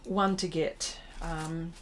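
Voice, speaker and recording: A middle-aged woman hosts an art livestream, chatting casually with viewers while she draws and reading their comments aloud in a self-deprecating way. Her low voice has little pitch movement and she takes things slowly. A little hiss or hum is audible.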